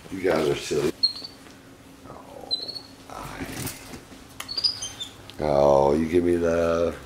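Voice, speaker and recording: Deep gravelly man doting on pets. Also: level tone, drawn-out words, long pauses, roomy sound, background noise. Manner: gentle, doting, chuckling baby talk to pets. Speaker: pet monkey owner. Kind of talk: casual vlog talking to pets.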